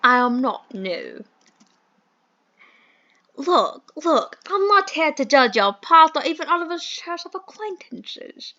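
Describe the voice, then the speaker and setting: In a dating sim playthrough, a woman voices a fussy, old-fashioned British gentleman who employs people from a phone box, giving him flowery speeches and a put-on British accent. Her high, bright voice comes through a muffled, low-fi mic, and her delivery is sing-song, slow, and heavily acted.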